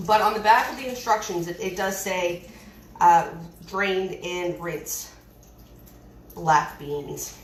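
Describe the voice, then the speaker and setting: A woman with a fairly low voice talks through a cooking demo in her own kitchen. She chats loosely, trailing into fillers and restarting her sentences, with a faint hiss in the background. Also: slow, poor audio. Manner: chatty, rambling, frequent fillers and restarts. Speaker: home cooking presenter. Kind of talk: casual cooking demonstration. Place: home kitchen.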